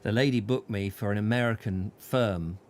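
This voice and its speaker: A man hosting a casual chat show and telling a lively anecdote, chuckling often and restarting his sentences. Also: lowish voice, normal speed. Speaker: host.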